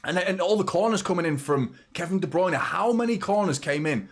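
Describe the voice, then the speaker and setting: A man's voice: high-pitched, lively intonation, brisk, few pauses. A man in his thirties hosting a football watchalong live stream, talking casually and rambling as he reads out viewers' messages. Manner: chatty, rambling, reads out super chats.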